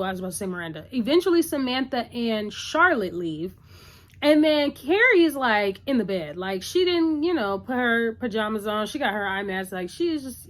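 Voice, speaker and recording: A woman recapping a TV episode in a casual, chatty, opinionated way, full of "like" and "you know". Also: fairly high pitch.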